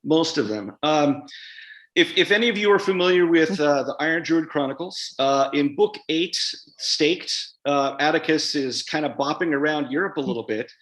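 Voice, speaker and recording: Author guest, man, upper-ish pitch, loose conversational rambling, roomy sound. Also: normal speed, a bit bright. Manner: chatty, rambling, frequent fillers and restarts. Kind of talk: live event interview.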